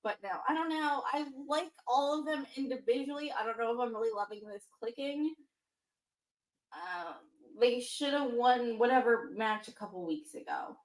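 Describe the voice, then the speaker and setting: A woman co-hosting a casual wrestling chat, giving quick, opinionated recaps. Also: fairly high pitch, low-quality recording. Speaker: co-host.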